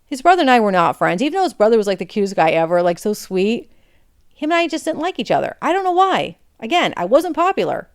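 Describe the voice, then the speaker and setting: Candid woman podcaster, smooth voice. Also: a little high, sing-song, fast talker. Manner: candid, chatty, digressive. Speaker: podcast host. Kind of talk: personal storytelling.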